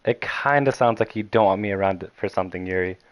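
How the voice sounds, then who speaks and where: Brief: man doing a meek young club president girl, soft-spoken, a little lower and quieter than his own voice, dry sound. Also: fast talker, no room sound, close to an everyday voice. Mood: gentle. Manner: soft, apologetic and soothing. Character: gentle indecisive young female club president.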